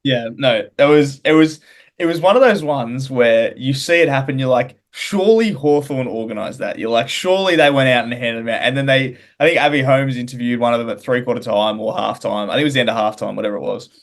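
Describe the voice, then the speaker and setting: Aussie guy on a footy podcast, giggly and teasing, cracks up a lot, mid-pitched everyday voice. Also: brisk. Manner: giggly, teasing, laughs often. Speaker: podcast co-host. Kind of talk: casual sports podcast banter.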